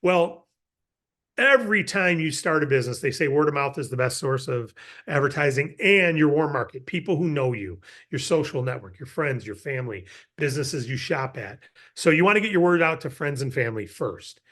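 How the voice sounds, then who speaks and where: Middle-aged male sales trainer, casual and energetic, pitch a touch high, role-plays sample pitches. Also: moderate pace. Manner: energetic, acts out sales scripts.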